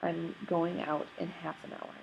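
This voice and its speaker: A stern, busy older rabbi who talks in cross, clipped, formal sentences, voiced by a woman reading aloud. His voice sits low and gravelly. There is a faint hiss behind it. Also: little pitch movement, measured pace, a little mellow, rough recording. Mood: curt.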